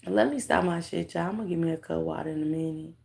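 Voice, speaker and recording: A woman's voice: sits low, racing, creaky, a little mellow. A woman hosting a casual livestream, mocking a clip she reacts to and talking straight to her viewers with laughing asides. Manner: talks straight to chat, thanks viewers.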